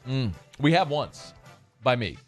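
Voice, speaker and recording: A man's voice: mid-range voice, lively intonation, slow pace, faint music behind. A man hosting a sports radio show, teasing his co-host with trivia and reading ads. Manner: teasing, playful quizmaster. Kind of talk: sports radio chat and live ad reads.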